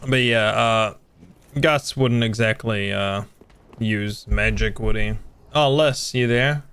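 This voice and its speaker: A man's voice: lowish voice, slow pace, fairly bright tone, smooth. A young man chatting casually with friends while playing a video game, joking, teasing and swearing freely. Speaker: gamer streaming with friends. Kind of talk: casual gameplay chat.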